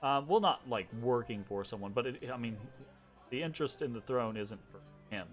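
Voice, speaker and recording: A man's voice: mid-range voice, lively intonation, brisk, faint music behind. A man narrating a tabletop game as game master, in a casual, rambling way. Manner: casual, filler-heavy narration.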